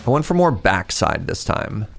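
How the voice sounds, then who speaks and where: A man chatting through a live game stream, his voice swinging widely up and down as he reacts. He talks casually and excitably to his viewers, with faint music playing behind him. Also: fairly low pitch, moderate pace, creaky.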